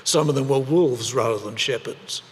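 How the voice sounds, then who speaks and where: A man preaching a sermon in a church, speaking deliberately with pauses and repeated phrases. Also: mid-range voice, long reverb tail. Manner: slow, deliberate delivery with pauses and repetition.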